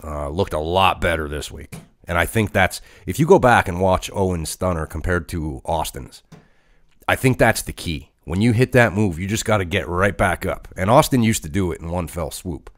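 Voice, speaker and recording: A man's voice: sits low, animated, normal speed, dry recording. A man hosting a podcast, giving a casual solo review of a wrestling show in a loose, chatty way with plenty of fillers. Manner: conversational, with frequent fillers. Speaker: podcast host.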